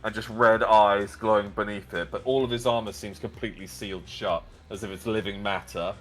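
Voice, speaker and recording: A man's voice: lowish voice, fairly even intonation, brisk, soft background music. A man narrating a tabletop game as game master, describing scenes at length with many fillers and "like"s.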